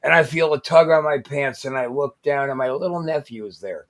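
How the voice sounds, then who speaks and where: A man co-hosting a casual talk show, telling a relaxed, profane anecdote and acting out quotes. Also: mid-range voice, fairly quick. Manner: laid-back, profane, acts out quotes. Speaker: podcast co-host. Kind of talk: casual storytelling chat.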